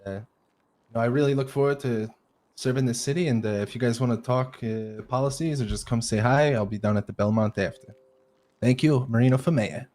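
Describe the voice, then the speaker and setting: A man's voice: medium pitch, fairly quick, a little mellow. Casual-speaking man candidate. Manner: casual, filler-heavy. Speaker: mayoral candidate. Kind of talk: closing statement.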